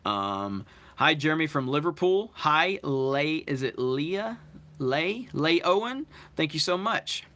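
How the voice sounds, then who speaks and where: A man's voice: fairly high pitch, sing-song, takes it slowly, bright, forceful tone. A man hosting a live stream, reading out viewer comments one by one and answering them in a casual, talkative way. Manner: thanks viewers and reads their comments aloud.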